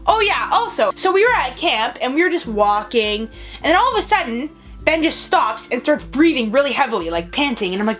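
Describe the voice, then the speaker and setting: A woman's voice: high voice, lively intonation, quick pace, a bit bright, soft background music. A woman hosting her own channel, chatting casually and telling stories while answering viewer questions. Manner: chatty, storytelling, frequent "like" fillers. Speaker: vlogger host.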